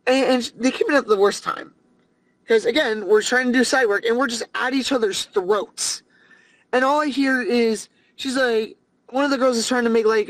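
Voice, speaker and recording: A young adult podcast host, telling a story in a profane, ranting, animated way. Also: medium pitch, no room sound, low-quality recording. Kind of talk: casual comedic storytelling.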